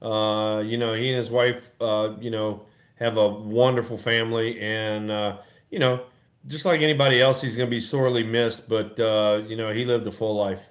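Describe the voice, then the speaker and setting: An older former ballplayer telling stories in casual podcast chat, animated and acting out quotes in a raised voice. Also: male voice, fairly low pitch, moderate pace. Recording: dull lo-fi audio.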